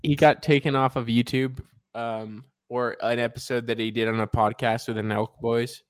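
A young man co-hosts a podcast in an easy, teasing way, laughing often as he talks. His pitch sits in the middle range. The recording is close and dry. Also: little pitch movement, normal speed, smooth, dry recording. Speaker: podcast co-host. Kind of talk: casual chat.

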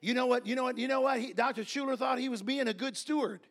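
A man preaching a sermon, telling folksy stories and building to repeated, shouted refrains. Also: extremely high pitch, quick pace. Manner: folksy storytelling.

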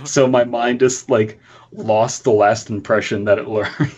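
A man co-hosting a comedic podcast, giggly and quick to laugh. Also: fairly low pitch, steady tone, a little mellow, lo-fi sound. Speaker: podcast co-host.

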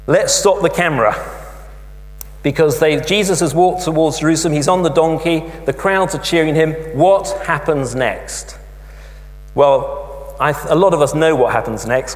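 A man preaching a sermon, telling the story in an animated way with emphatic asides. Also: a little high, moderate pace. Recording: long hall reverb with mains hum.

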